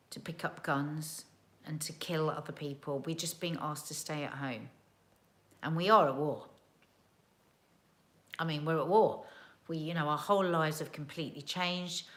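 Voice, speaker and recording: Hosting a casual livestream from home, a woman reads viewer comments aloud, chatty, earnest, and emotional. Her voice is deep and a bit bright.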